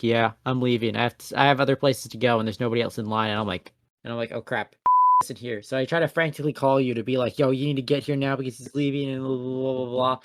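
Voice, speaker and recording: A man's voice: mid-range voice, a bit bright, dry recording, studio quality. A young man co-hosting a casual podcast, telling a rambling, self-mocking story with a passive-aggressive edge. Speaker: podcast co-host.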